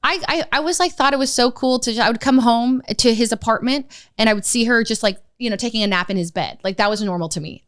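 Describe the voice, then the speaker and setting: A woman's voice: fairly high pitch, fairly quick, few pauses, clear, resonant tone, dry recording, studio quality. A young woman chatting casually as a podcast guest, telling a long personal story with lots of fillers. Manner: storytelling, animated, many fillers. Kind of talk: casual chat.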